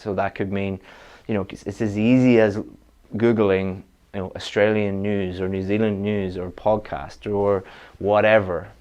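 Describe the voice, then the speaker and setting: A man's voice: fairly low pitch, level tone, measured pace, darkish tone, clean tone. A man giving a direct, practical online exam-prep lesson, with frequent restarts. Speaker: IELTS teacher.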